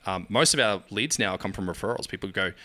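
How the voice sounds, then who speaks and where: Animated man, bright voice. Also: deep voice, fast. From Australia. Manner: animated storyteller acting out dialogue, laughing often. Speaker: guest, agency founder. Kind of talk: casual podcast storytelling.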